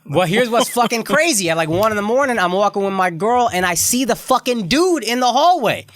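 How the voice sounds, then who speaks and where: A young man talks at a rapid clip with a bright, forceful edge to his voice. He is co-hosting a comedy podcast and tells a story with lots of acted-out quotes and casual swearing. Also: high-pitched, dry recording. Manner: animated, acts out quotes, swears freely. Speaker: podcast co-host.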